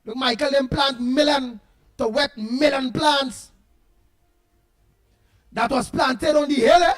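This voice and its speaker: High-voiced Trinidadian man, animated host. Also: slow pace. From Trinidad and Tobago. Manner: animated storytelling, greets listeners by name, laughs at own jokes. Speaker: radio show host. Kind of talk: casual morning talk show banter.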